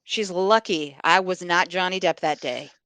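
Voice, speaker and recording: A woman's voice: fairly low pitch, moderate pace, fairly bright tone, smooth, no echo. A woman co-hosting a podcast, reacting bluntly and scornfully to played audio, often laughing. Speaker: podcast co-host. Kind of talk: casual reaction commentary.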